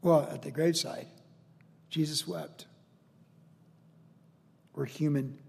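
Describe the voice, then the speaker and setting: A man's voice: on the high side, steady tone, takes it slowly, vocal fry, a little mellow, husky, long reverb tail. A man pastor teaching verse by verse through a Bible passage in an earnest, conversational and emotional way, with rhetorical questions.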